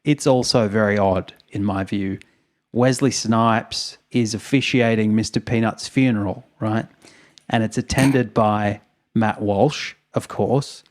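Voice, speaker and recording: A man's voice: fairly low pitch, steady tone, takes it slowly. A man, co-hosting a podcast, retelling events in a rambling, wry way with chuckles. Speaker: podcast co-host. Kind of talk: casual storytelling chat.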